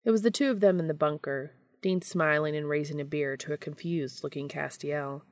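Woman narrator for fan fiction, low pitch, dry close sound, measured reading. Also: fairly even intonation, no room sound. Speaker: fanfiction reader.

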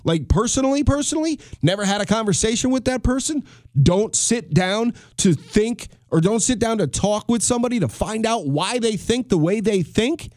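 Fired-up man ranting, high voice. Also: animated, moderate pace, darkish tone, no room sound, studio quality. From United States. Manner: fired-up, swearing, repeats and restarts. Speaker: podcast host. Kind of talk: solo podcast rant.

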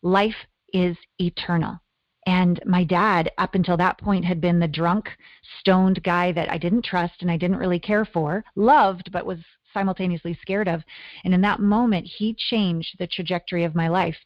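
Woman from canada, lowish voice, dry dull sound, earnest guest storyteller. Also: steady tone, moderate pace, dry recording. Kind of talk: interview storytelling. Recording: dull lo-fi audio.

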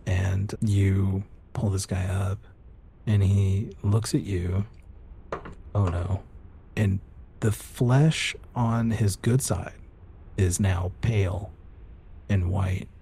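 A man's voice: low-pitched, steady tone, extremely slow, vocal fry, long pauses, mellow, slight background noise. A man running a tabletop horror game as game master, narrating scenes in vivid detail.

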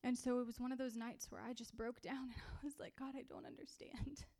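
A woman preaching and sharing a personal testimony, halting and repeating herself, often breaking into tearful crying. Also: a little high, little pitch movement, dark tone. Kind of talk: sermon.

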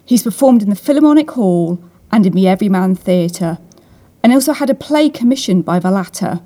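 A woman hosting an interview, reading a smooth prepared introduction and then asking her guest questions. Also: medium pitch, animated, fairly quick, warm tone. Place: hotel book room, indoors.

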